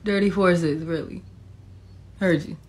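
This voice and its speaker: A woman's voice: lowish voice, steady tone, slow pace, darkish tone, husky. A woman giving a comedic reaction rant, sassy, profane and mocking. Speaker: commentator.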